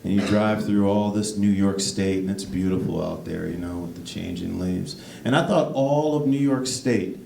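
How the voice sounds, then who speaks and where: A man working a stand-up comedy set with a lowish, gravelly voice, rambling, correcting himself, and jumping into sudden high-pitched bursts. He is recorded from a distance in an echoey club, with the room's noise and audience laughter underneath. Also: moderate pace, few pauses. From United States.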